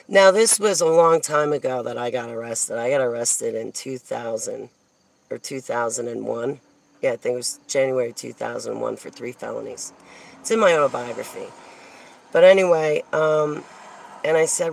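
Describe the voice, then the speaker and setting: Gravelly woman rambling through a story. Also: lowish voice, moderate pace, rough recording. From New Jersey. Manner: rambling, digressive, laughs often. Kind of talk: casual storytelling monologue.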